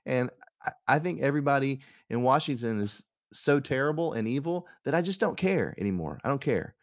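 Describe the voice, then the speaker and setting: A man's voice: mid-range voice, lively intonation, brisk, dry recording, clean studio sound. A young man, a radio host telling stories in a rambling, casual way, full of fillers and restarts. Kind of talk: casual storytelling monologue.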